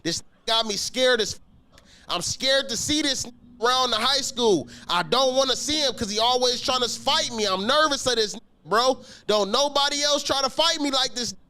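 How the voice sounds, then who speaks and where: A man telling a story about his school days in a casual, slangy, animated way, swearing often and acting out the scenes. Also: extremely high pitch, normal speed, clean tone. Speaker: podcast guest telling a story.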